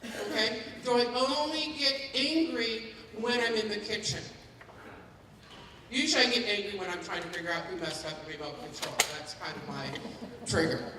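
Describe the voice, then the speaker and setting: A woman's voice: mid-range voice, normal speed, far from the mic, background noise. Woman lecturing caregivers in an echoey hall. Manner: interactive, keeps checking in with the audience. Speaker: dementia care educator. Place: large hall at a community forum.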